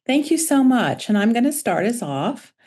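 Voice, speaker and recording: A woman pediatrician presenting a medical webinar lecture over a video call in a measured, informative way. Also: a little high, sing-song, darkish tone. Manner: measured, informative, reading from slides.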